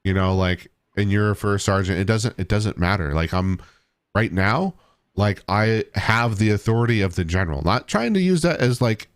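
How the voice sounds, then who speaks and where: A man co-hosting a casual podcast, explaining his view in a steady, filler-laden way. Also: fairly low pitch, normal speed, clean tone, no room sound, clean studio sound. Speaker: podcast co-host. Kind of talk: casual chat.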